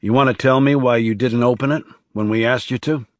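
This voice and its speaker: A man's voice: medium pitch, steady tone, fairly quick, no echo, studio quality, close to an everyday voice. A man voicing a belligerent bar owner. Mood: defiant. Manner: loud, belligerent. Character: gruff, defiant middle-aged bar owner.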